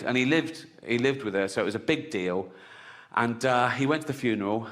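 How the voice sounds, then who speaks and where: A man's voice: medium pitch, fairly bright tone. A middle-aged man from England, doing a blunt, sweary, mocking stand-up routine. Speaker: stand-up comedian. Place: theatre stage before an audience. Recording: large hall with long reverb and audience noise.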